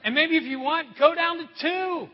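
A man preaching a lively sermon as a pastor, acting out quick voices for laughs. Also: very high-pitched. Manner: animated, acts out voices for laughs. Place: church sanctuary. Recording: echoey hall, dull sound.

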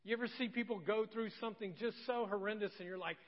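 A male pastor tells a story from the pulpit in a fairly high voice, acting out voices and dropping to hushed tones. His sermon carries the long echo of a church hall, and the recording sounds dull and lo-fi. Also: fast. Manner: animated, acts out voices, drops to hushed tones.

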